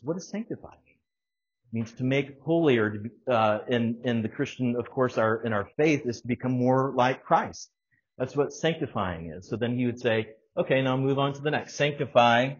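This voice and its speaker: Male Bible study leader, unhurried and husky, earnest teaching with gentle questions, dull lo-fi recording. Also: mid-range voice. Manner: slow, earnest, asks the group questions, lightly joking.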